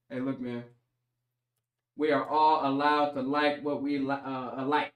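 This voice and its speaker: A man's voice: medium pitch, measured pace. A man streaming casually while he draws, joking with his chat in slangy banter and laughing often.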